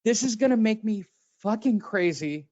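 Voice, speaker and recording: A man's voice: high-pitched, animated, moderate pace, a little mellow, no room sound. A man hosting a boxing podcast, ranting sarcastically with lots of swearing. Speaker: podcast host. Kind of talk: profane casual boxing chat. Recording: dull lo-fi sound.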